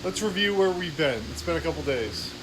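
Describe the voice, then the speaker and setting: A man chatting casually and then narrating a novel aloud, relaxed with small self-corrections. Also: a little high, fairly quick, noisy background. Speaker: audiobook reader. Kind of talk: casual chat and story narration.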